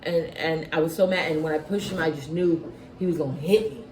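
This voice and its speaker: A woman's voice: low-pitched, steady tone, brisk. A woman telling a heated personal story in casual conversation, swearing often and restarting her sentences. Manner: profane, agitated storytelling with many restarts. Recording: echoey room with loud background noise.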